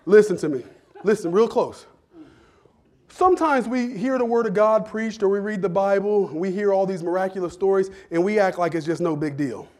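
A man's voice: high voice, moderate pace, a little mellow. A man preaching a sermon in a church, talking to the congregation in a humorous, conversational way that builds into fervor. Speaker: pastor.

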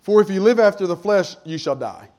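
A man preaching a sermon as a pastor, talking in a conversational way that sinks to soft asides and climbs to emphatic points. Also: high-pitched, animated, fairly quick.

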